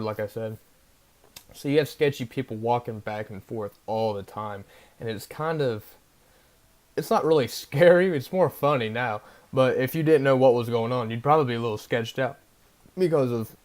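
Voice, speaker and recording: A man's voice: mid-range voice, a little mellow. A young man casually telling a rambling story on his vlog, full of fillers and tag questions. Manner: rambling, filler-heavy, keeps asking "right?". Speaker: vlogger.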